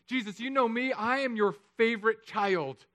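A man's voice: very high-pitched, normal speed, a bit bright, pitched above the performer's own voice. A man voicing a brash, eager disciple, protesting earnestly and boastfully.

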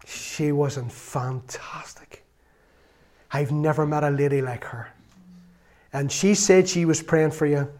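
Male lay preacher, fairly high voice, earnest storyteller who breaks into loud exclamations. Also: moderate pace. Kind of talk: sermon.

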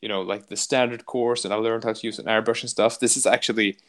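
A man's voice: lowish voice, steady tone, fast, a bit bright. Rambling, joking man on a podcast. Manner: rambling, joking, swears freely, slips into mock voices. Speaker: podcast host. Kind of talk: casual podcast chat.

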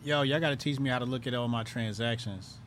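A male host of a live call-in show with a hype manner, breaking into shouting bursts. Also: mid-range voice, quick pace.

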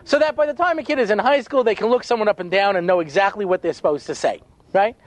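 A man, a rabbi, telling funny stories in an animated way, with quick asides and acted-out voices. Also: sits high, no room sound. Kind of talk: humorous storytelling talk.

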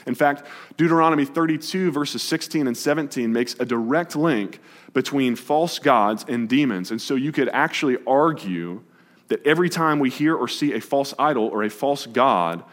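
A man preaching a sermon in a church, talking to the congregation in a brisk, conversational way and reading scripture aloud. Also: medium pitch. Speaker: pastor. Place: church sanctuary. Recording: long hall reverb.

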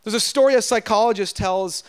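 Preaching earnestly, this pastor speaks a little fast in a smooth, high voice, calling out to the congregation and lowering his volume to drive points home.

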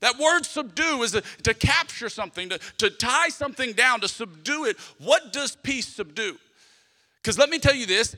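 A man's voice: high voice, bright, forceful tone. A man, preaching a sermon as pastor with emphatic repeated phrases and rhetorical questions. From South Louisiana, US. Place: church sanctuary. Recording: long hall reverb from a church sanctuary.

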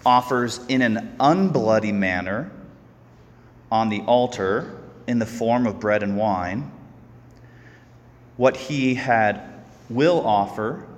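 A man who is a Catholic priest giving a sermon, earnest and slow, often repeating words as he goes. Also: medium pitch, in a large hall.

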